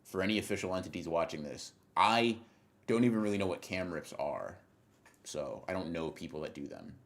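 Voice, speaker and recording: Deep-voiced rambling young streamer man. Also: a little fast. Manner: rambling, profane, self-interrupting, reacting to chat. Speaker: livestreamer. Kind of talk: casual livestream chat to viewers.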